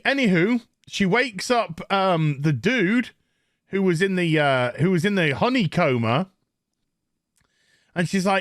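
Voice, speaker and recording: A man's voice: high-pitched, very animated, normal speed, a bit bright, no echo, clean studio sound. Sarcastic Northern English man ranting. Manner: mocking, crude, acts out characters in silly voices. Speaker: TV show reviewer. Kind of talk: sarcastic recap rant.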